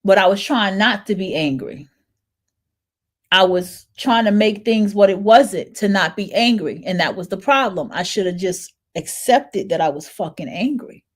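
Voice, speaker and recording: A woman's voice: medium pitch, expressive, normal speed. A woman in her thirties hosting a podcast, venting in a blunt, profane, emphatic monologue. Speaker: podcast host. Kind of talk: casual monologue.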